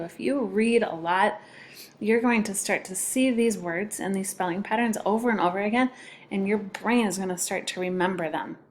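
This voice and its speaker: A woman's voice: mid-range voice, slight background noise. A woman teacher giving a recorded spelling lesson to children, patiently sounding out letters and syllables.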